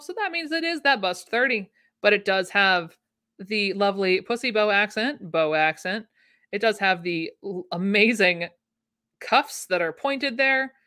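A woman with a medium-pitched, pushed, bright voice hosts a casual vintage sewing pattern livestream from home. She keeps up enthusiastic chatter while answering her viewers' comments.

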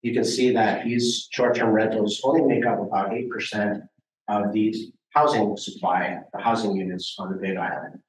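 A man's voice: lowish voice, fairly even intonation, normal speed. A man from Hawaii giving a casual, hesitant slide talk for a think tank at a meeting. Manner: casual, hesitant with many fillers. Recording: roomy and distant from the mic.

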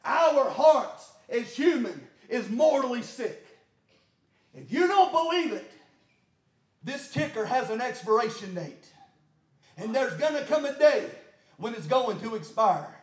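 A male pastor preaching a sermon, peppering his lines with "uh" and "amen" and building to shouted climaxes. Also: extremely high pitch, expressive, a little slow, reverberant. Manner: frequent "uh" and "amen" fillers, rising to shouted climaxes.

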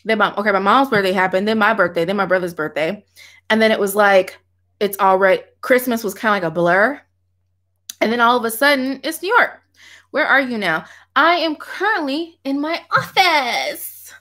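A woman's voice: mid-range voice, fairly bright tone. A woman, chatting animatedly with viewers on a livestream from her home office and laughing often. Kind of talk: casual livestream chat.

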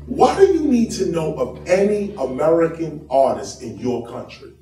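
Man lecturing, high voice, lively swoops in pitch, emphatic preaching, echoey hall, heard from afar, faint music behind. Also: moderate pace, distant mic. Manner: animated, preaching, emphatic, chuckles between points. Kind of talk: public lecture to an audience.

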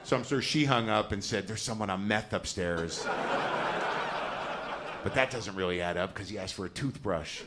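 A middle-aged man tells a profane, neurotic, self-mocking stand-up story in a lowish voice, brisk and with few pauses. He's on a theater stage before a live crowd, and heavy background noise surrounds him. The live recording carries loud laughter.

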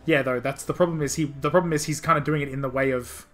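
A man's voice: fairly high pitch, fairly even intonation, quick pace, a bit bright. A male streamer chatting casually while playing, laid-back and rambling, swearing now and then. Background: game music.

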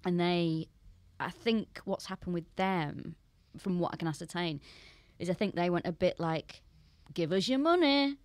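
A woman's voice: lowish voice, steady tone, moderate pace, few pauses, darkish tone, dry recording. A woman with a Northern English accent, chatting as a comedian guest on a podcast, self-mocking and laughing often. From Northern England. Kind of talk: casual podcast chat.

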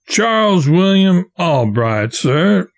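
A man reading the part of a frightened young stowaway who pleads and spins quick tales. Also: high voice, sing-song, creaky, voice pushed up, exaggerated voice. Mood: pleading. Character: scared young stowaway boy, quick with a lie.

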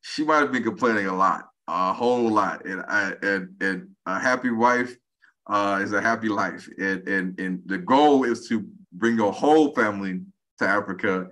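A man's voice: on the low side, moderate pace. Man in his forties telling stories. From United States. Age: 40s. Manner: animated storyteller, acts out quoted speech. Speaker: podcast guest. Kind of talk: casual conversation.

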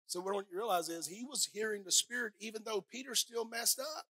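A middle-aged woman pastor preaching a sermon on a clip-on mic, swinging from soft asides to loud shouted peaks and joking with the congregation. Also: mid-range voice, fast talker, husky. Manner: playful, talks directly to the congregation. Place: church sanctuary. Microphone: headset or clip-on microphone.

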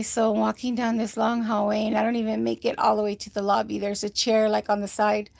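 A woman's voice: fairly high pitch, level tone, moderate pace, creaky, few pauses, no echo. A woman giving a rambling, casual health update to livestream viewers, often quoting others and using many fillers, a little short of breath. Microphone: phone.

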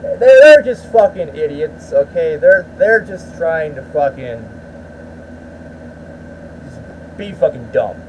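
A man rants to his viewers in a loose, rambling way, swearing freely and stumbling over his starts. His voice is high and swings up and down a lot, with faint noise behind him. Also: big pitch swings, slow pace, pauses often, rough recording. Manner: rambling, profane, with repeated restarts. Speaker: YouTuber. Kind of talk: ranting vlog talk.

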